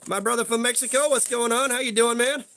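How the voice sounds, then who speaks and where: A man's voice: very high-pitched, steady tone, fast talker, sharp tone, slight background noise. A young man hosting a casual livestream, rambling profanely and greeting viewers in chat by name. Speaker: livestream host.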